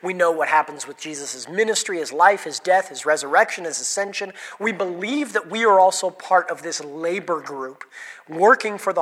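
A pastor delivers an interactive sermon in a slightly high, somewhat bright voice, putting questions to the congregation and calling on people by name. Hall reverb surrounds the recording.

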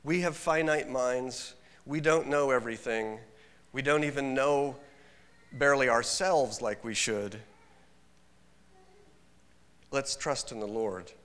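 Pastor preaching in a ringing hall. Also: male voice, mid-range voice, unhurried, fairly bright tone. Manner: earnest, conversational, with sudden emphatic rises. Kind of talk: sermon.

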